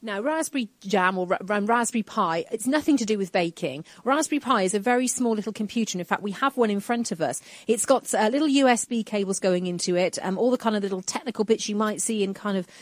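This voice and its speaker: A woman's voice: medium pitch, fast talker, hardly any pauses, no echo. A woman radio reporter interviewing on a university campus, chatty and full of "kind of" and "you know".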